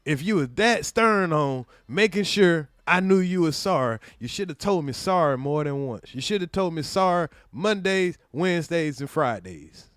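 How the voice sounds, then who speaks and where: High voiced guy w/ aave roasting a clip live for his chat, sarcastic, dry close mic. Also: normal speed, hardly any pauses, a bit bright, clear, resonant tone, dry recording. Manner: mocking, sarcastic, mimics apologies in exaggerated voices. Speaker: streamer reacting to a clip. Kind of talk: livestream reaction commentary.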